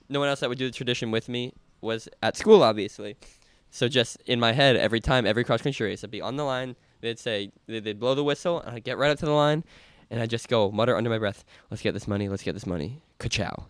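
Young man, podcast co-host, smooth voice, dry close sound, laid-back rambling chat. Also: medium pitch, fast talker, no echo. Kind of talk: casual chat.

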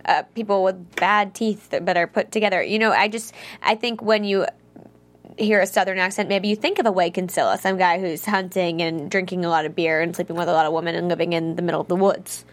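Woman panelist rambling a bit about the episode, just thinking out loud. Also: lowish voice, fairly even intonation, brisk. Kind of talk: casual panel chat.

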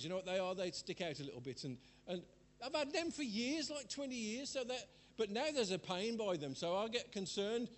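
A man's voice: high voice, animated, moderate pace, hardly any pauses. An older man preaching a sermon in a chatty, rambling way, laughing at himself as he tells personal stories.

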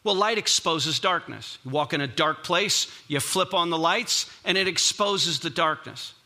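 A man's voice: a little high, unhurried, pushed and bright. A man preaching a sermon as a pastor, conversational and emphatic, often repeating words for stress.

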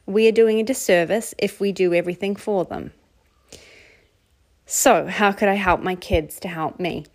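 A middle-aged woman from New Zealand hosting a casual solo podcast, talking candidly and conversationally with repeated phrases and self-mocking laughs. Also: mid-range voice. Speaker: podcast host.

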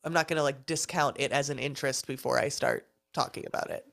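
A woman's voice: very deep voice, steady tone, quick pace, vocal fry, a bit bright. A young woman co-hosting a podcast in casual chat, enthusiastic, laughing as she talks and swearing now and then. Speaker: podcast co-host.

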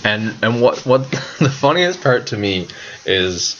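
A man's voice: medium pitch, sing-song, takes it slowly, a bit bright, a little hiss or hum. A young man co-hosting a podcast in casual chat, swearing often and laughing a lot. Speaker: podcast co-host. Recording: dull lo-fi sound.

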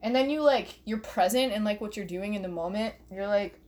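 A woman's voice: mid-range voice, fairly quick, hardly any pauses, a little mellow. A young woman doing a profane, rambling comedy rant alone in her bedroom, recorded on her phone, laughing at her own jokes. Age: young adult. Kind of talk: solo stand-up style rant.

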